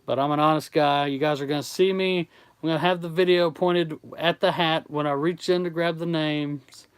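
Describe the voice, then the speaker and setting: A Southern-accented man from Tennessee hosts a laid-back art livestream. His voice is smooth and clear and sits a little high. He rambles easily as he answers the chat's questions. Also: fairly even intonation, moderate pace, dry recording. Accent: Southern American. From Tennessee, USA. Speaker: artist streamer. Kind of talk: casual livestream chat with viewers.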